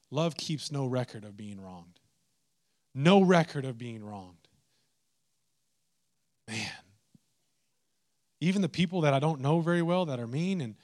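A man preaching a sermon, animated and humorous, swinging into mock exasperation. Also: on the high side. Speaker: pastor.

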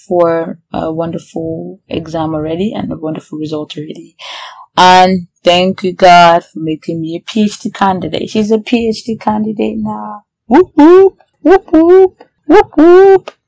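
Excitable woman, a jittery PhD student. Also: fairly low pitch, moderate pace, vocal fry, slightly rough, poor audio. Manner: excitable, anxious, with prayerful exclamations. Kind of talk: casual video diary.

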